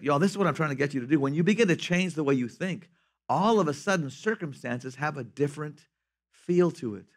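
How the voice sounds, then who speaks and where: A man preaching a lively sermon as pastor, swinging from loud to soft. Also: fairly high pitch.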